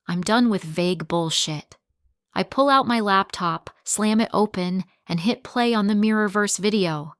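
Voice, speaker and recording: A woman narrating a dark first-person story in a tense, dramatic way. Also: medium pitch, a little slow, smooth, no echo, clean studio sound.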